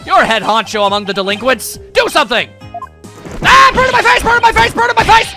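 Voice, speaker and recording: Man as a pompous, shrieking teacher from a video game; high, lively, indignant, music underneath. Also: fast talker, exaggerated voice. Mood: panicked. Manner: blustering, indignant, theatrical. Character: pompous shouting middle-aged male teacher.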